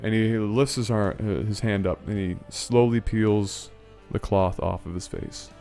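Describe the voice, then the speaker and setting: A man casually telling a long story to his viewers, animated and rambling. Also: on the low side, unhurried, soft background music. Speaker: storytelling video host.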